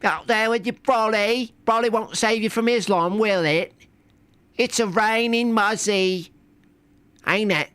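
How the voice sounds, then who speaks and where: A man's voice: sits high, measured pace, fairly bright tone, smooth, no room sound, voice pushed up. A man voicing a cocky, mocking young British man with a put-on British accent and taunting slang.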